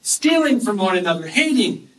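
A man preaching a sermon, earnestly explaining scripture and reading verses slowly and with emphasis. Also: high voice, sing-song. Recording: distant mic with faint background noise.

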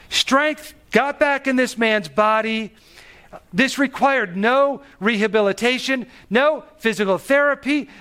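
A man preaching a sermon on a Bible passage, animated and emphatic, pushing his voice up on key phrases. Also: high-pitched. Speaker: pastor.

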